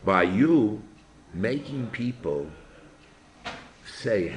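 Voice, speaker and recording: An older man, a rabbi teaching a yeshiva class in an informal lecture, asking his students animated rhetorical questions. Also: lowish voice, normal speed.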